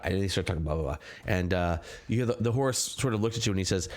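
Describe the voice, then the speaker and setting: A man narrating as game master in a tabletop game, halting and restarting often. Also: fairly low pitch.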